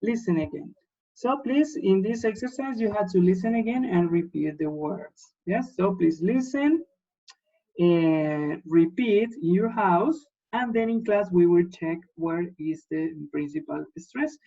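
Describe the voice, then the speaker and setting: A man teaching an English class online, explaining slowly and checking in with his students after nearly every sentence. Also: high-pitched, expressive, warm tone, highs cut off. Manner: patient, repeats words and checks in with "yes?".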